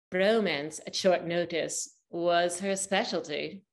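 A woman's voice: on the low side, extremely slow. A woman narrating a spooky story in a stage reading, with dramatic storytelling.

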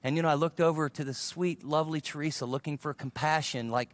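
A man's voice: on the high side, fast. A middle-aged male pastor preaching a sermon, telling personal stories and acting out the dialogue in them. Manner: animated storyteller acting out quoted dialogue. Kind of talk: sermon storytelling.

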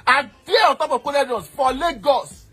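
A man with a Nigerian accent, mixing Pidgin and Yoruba, ranting loudly and boastfully, now and then shouting or slipping into a sing-song. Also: very high voice, expressive, moderate pace. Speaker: eyewitness in a played clip. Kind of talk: heated rant.

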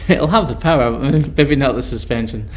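A man's voice: medium pitch, moderate pace, slight background noise. A Scottish man hosting a live stream, reading out viewer questions and answering them in an upbeat, chatty way. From Scotland.

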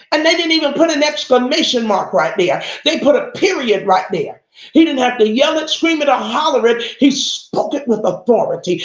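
A woman preaching a sermon, emphatic and calling out to the congregation, reading scripture slowly. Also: a little high, roomy sound. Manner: reads scripture slowly and deliberately.

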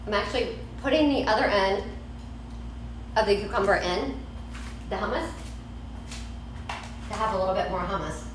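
A woman's voice: mid-range voice, normal speed, pauses often, heavy reverb, distant mic, noisy background. A woman hosting a casual home cooking show, chatting and snacking in her kitchen as she preps food. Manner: chatty, eats while talking, laughs easily.

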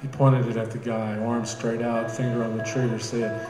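Author reading live over guitar. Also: male voice, mid-range voice, flat delivery, normal speed. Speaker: author reading his novel. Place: bookstore cafe. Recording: roomy cafe with live guitar.

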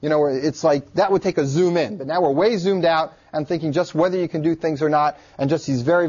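High-voiced man lecturing on theory. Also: slightly rough. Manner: relaxed and joking, with filler words. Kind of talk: classroom lecture. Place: lecture room. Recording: dull lo-fi classroom recording.

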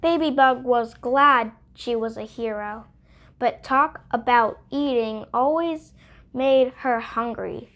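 A woman reading a children's picture book aloud, clear and expressive. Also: on the high side, slow pace. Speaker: storybook reader. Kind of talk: children's read-aloud narration.

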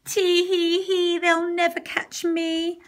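A boastful little gingerbread man, put on by a woman reading a storybook sings his taunts in a high, giggly, sing-song voice. He sounds cheeky and pleased with himself, and he drags each line out slowly. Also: steady tone, fairly bright tone. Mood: gleeful.

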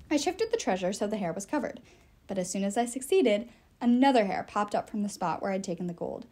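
A woman reading a novel aloud in an expressive, animated storytelling way. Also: medium pitch, fairly quick. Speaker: reader.

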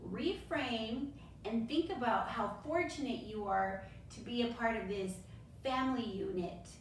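A woman reading a children's story aloud in a slow, expressive, clear way. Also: a little high, far from the mic. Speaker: storybook reader. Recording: roomy echo, faint noise.

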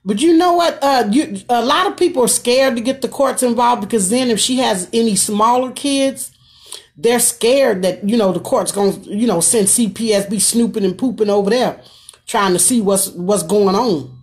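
A woman's voice: fairly high pitch, moderate pace, a little mellow. A woman hosting a casual live stream from her phone, reading out viewer comments and answering them in a folksy, chatty way. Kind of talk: casual chat.

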